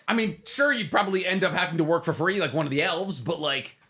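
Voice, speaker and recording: A man's voice: a little high, lively intonation, fast, fairly bright tone, slight background noise. A young man co-hosting a podcast, bantering playfully and riffing on his co-host's jokes. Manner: playful, riffs on jokes, asks questions. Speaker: podcast co-host. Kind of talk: casual banter.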